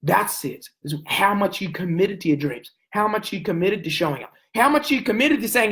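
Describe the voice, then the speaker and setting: A man giving a motivational sales coaching talk, intense and emphatic, hammering points home with repeated phrases and sometimes pushing his voice near a yell. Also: high-pitched, expressive, normal speed, few pauses, rough recording. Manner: raises voice to near yelling at times.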